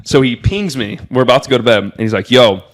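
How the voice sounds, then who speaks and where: A young man from Miami, USA, tells a story as a podcast guest, speaking loosely and casually. His voice is an ordinary middle pitch for a man, and he's excitable and rambling, filling every pause with "like."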